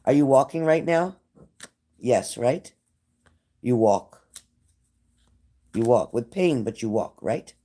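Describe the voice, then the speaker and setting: A man's voice: mid-range voice, expressive, slow, pauses often, dark tone. A man giving a casual live-streamed tarot reading at home, talking straight to a viewer and breaking off into chatty asides. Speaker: psychic tarot reader. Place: at home indoors by a glass sliding door.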